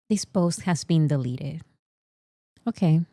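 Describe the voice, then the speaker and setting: A woman vlogger giving casual, exasperated commentary to her viewers, repeating herself for emphasis and then talking herself calm. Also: dry recording, studio quality. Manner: talks herself calm with deep breaths.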